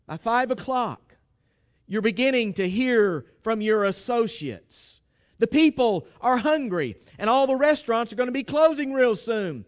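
A pastor giving a sermon, retelling a Bible story with humour and acting out the dialogue. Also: male voice, extremely high pitch.

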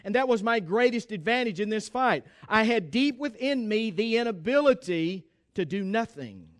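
Male preacher voicing a resolute Union colonel: grim, firm, high and resonant. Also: lively intonation, moderate pace, dry recording, studio quality.

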